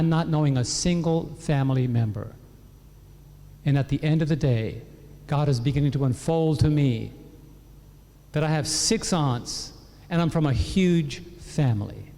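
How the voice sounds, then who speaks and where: A man's voice: fairly high pitch, normal speed. A man gives a sermon-style personal testimony in a large hall, and his slightly raised voice carries a long echo. He tells the story with lots of animation and acts out the voices of the people in it. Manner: animated storytelling, acting out relatives' lines. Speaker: pastor. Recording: echoey hall.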